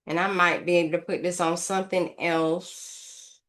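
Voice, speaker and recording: A woman's voice: fairly low pitch, little pitch movement, moderate pace, a bit bright. A woman casually narrating a craft tutorial, thinking aloud and rambling to her viewers as she works. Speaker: craft vlogger.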